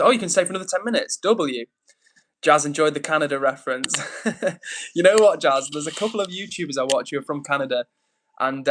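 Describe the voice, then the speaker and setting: Chatty man, slightly high voice. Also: fairly bright tone, poor audio. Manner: chatty, reads out viewer messages. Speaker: livestream host. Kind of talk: casual live-stream chat. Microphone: phone.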